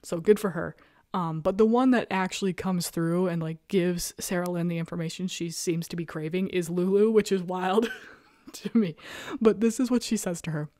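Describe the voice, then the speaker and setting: A woman's voice: lowish voice, steady tone, moderate pace, mellow, no room sound, studio quality. A young adult woman hosting her own show, chatting animatedly and with exasperation, laughing often. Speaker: show host. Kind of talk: casual recap chat.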